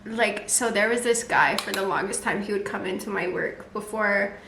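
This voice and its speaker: A woman's voice: mid-range voice, moderate pace, sharp tone. A woman hosting a casual chat, chatty and laughing along, often trailing off and restarting. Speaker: YouTube host. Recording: echoey room with faint background noise.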